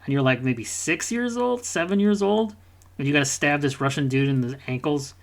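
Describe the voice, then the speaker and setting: A man co-hosting a casual gaming podcast, rambling and swearing, dropping into quick mocking character voices. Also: a little high, gravelly. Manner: rambling, profane, mimics characters in quick asides. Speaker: podcast co-host.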